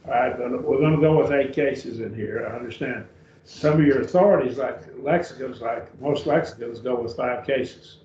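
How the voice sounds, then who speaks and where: A man teaching a Greek grammar class in a church classroom, speaking slowly and deliberately, repeating and spelling out words. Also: medium pitch, darkish tone. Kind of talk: classroom lecture. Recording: echoey room, dull far-off mic, faint hiss.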